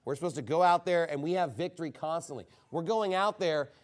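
High-voiced man preaching a fiery sermon. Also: brisk. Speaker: pastor.

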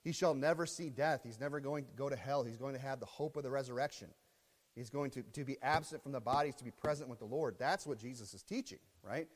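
A man preaching a sermon with fervor, reading scripture loudly and often checking in with the congregation. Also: mid-range voice, fast talker, big-room sound. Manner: fervent preaching, reads scripture loudly, checks in with "okay?" and "right?". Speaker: pastor.

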